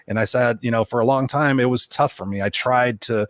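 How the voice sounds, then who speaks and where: A man's voice: medium pitch, quick pace, hardly any pauses, no echo, clean studio sound. A man, a guest coach, talking bluntly in casual interview chat, with tough-love motivational remarks.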